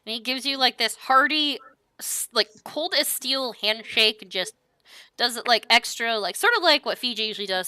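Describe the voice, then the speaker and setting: A woman's voice: a little high, animated, moderate pace, sharp tone, clean tone, dry recording. A woman running a tabletop game as game master, describing the scene loosely with lots of fillers.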